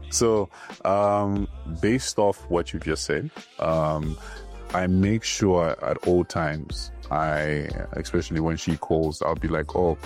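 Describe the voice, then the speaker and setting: A married man in a candid interview, relaxed and quick to laugh, explaining things step by step. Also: low voice.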